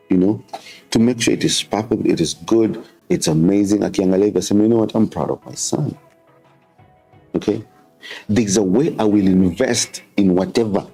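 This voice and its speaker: A deep, husky-voiced Kenyan man in his thirties talks earnestly as a show host, weaving Swahili into his English. He leans on repetition to press his points. Faint music plays behind him. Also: a little mellow, poor audio. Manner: switches between English and Swahili; earnest, repeats words for emphasis. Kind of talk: casual reflective talk.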